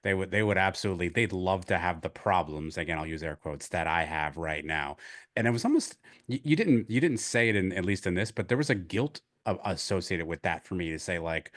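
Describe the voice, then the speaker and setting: A man's voice: sits low, lively intonation, brisk, a bit bright. A man co-hosting a podcast, speaking candidly and reflectively in casual conversation. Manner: reflective and candid, thinking aloud. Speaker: podcast co-host.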